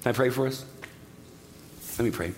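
A middle-aged man preaching a sermon as pastor, telling jokey stories in an animated way and dropping to a hushed voice to pray. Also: medium pitch, moderate pace, a little hiss or hum. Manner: animated, jokey storytelling that drops to a hushed prayer. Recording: echoey hall.

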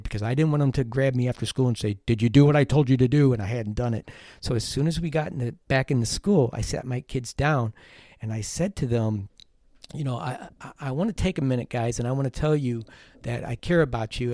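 A middle-aged man recounts a story from his teaching days as a podcast host. He speaks in an earnest, animated way and pokes fun at himself. His voice sits in a middle pitch and is recorded close and dry. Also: no echo. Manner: earnest, animated retelling with self-deprecating humor. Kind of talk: storytelling monologue.

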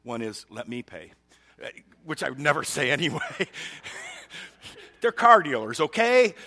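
A man's voice: mid-range voice, bright, forceful tone. A male pastor giving a sermon in a humorous storytelling way, chuckling often.

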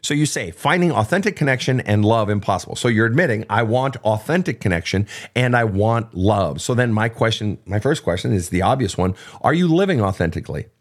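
A man's voice: lowish voice, lively intonation, a little fast, few pauses. A man hosting an unscripted advice show, answering listener questions in a blunt, emphatic way, with frequent profanity and repetition.

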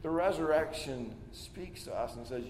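Pastor guy giving a sermon, kinda high voice for a man, lots of stammery restarts, big echoey church room with long reverb. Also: normal speed, background noise. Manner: conversational, plays out listeners' doubts aloud with repeated restarts. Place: church sanctuary. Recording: echoey hall with long reverb, faint ambience.

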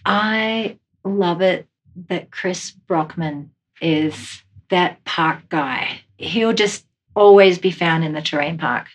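A woman speaking in a relaxed, admiring way in a casual interview. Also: lowish voice, slow pace, breathy edge.

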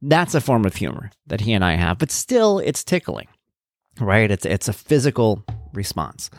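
A man's voice: fairly low pitch, big pitch swings, normal speed, no echo, faint music behind. A man talking casually and earnestly as a father about raising his son, in a reflective way. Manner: earnest and reflective, with frequent "you know". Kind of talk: casual personal talk.

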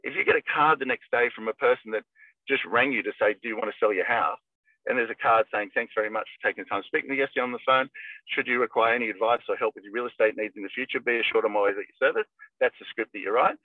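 A man's voice: medium pitch, fast, no echo. A middle-aged man, a real estate agent, talking casually and energetically, acting out phone calls as he coaches. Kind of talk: casual podcast talk. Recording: tinny phone-like line, dry.

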